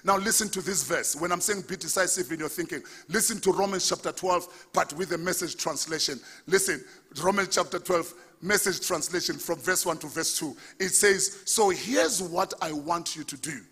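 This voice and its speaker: A man preaching a sermon as pastor, building to shouted lines and calling out to the congregation. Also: sits high, moderate pace, slightly rough. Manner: preaching, rising to shouts, asking the congregation for responses.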